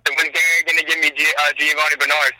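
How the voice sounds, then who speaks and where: A man's voice: a little high, flat delivery, racing, sharp tone, no echo, low-quality recording. A man calling in to a sports podcast, easygoing and chatty. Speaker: caller. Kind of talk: casual call-in chat.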